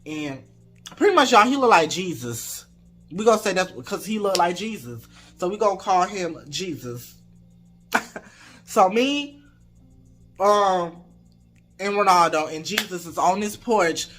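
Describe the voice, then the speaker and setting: Mężczyzna opowiada anegdotę na vlogu, luźno, z dużą ilością slangu i przekleństw, z zapałem. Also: male voice, high voice, unhurried, long pauses, faint music behind. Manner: animated, laid-back slang and swearing. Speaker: storytime vlogger. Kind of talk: casual storytelling.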